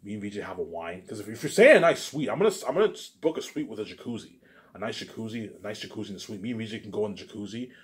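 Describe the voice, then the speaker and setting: A man's voice: fairly low pitch, lively intonation, rapid-fire. A man rambling through a daydream monologue, stumbling over restarts and saying "obviously" and "you know what I'm saying" over and over. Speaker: vlogger.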